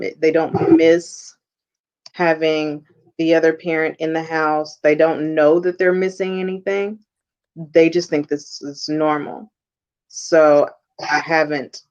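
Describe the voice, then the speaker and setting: A woman's voice: on the low side, darkish tone. Blunt mother talking on a lo-fi podcast. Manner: candid, blunt, speaks in drawn-out thoughts. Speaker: podcast host. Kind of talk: casual conversation. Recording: dull, muffled lo-fi audio.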